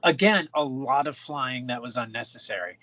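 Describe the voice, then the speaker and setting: A man's voice: mid-range voice, normal speed, bright, forceful tone, no room sound. A man co-hosting a podcast, chatting easily, agreeing and laughing along. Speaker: podcast co-host. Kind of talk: casual chat. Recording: dull lo-fi podcast mic.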